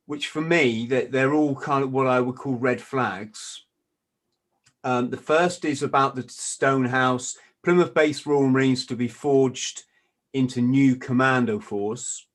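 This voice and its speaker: A man hosting a podcast, reading out points and reacting to them. He stumbles and repeats words as he talks, and adds dry, sardonic asides. His voice sits at an ordinary middle pitch. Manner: stammers and restarts, sardonic asides. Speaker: podcast host. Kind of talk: casual podcast discussion.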